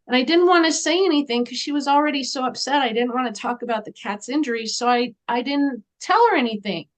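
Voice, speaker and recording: In this interview, the female guest speaks quickly in a high voice, spinning a lively story and acting out each person she quotes.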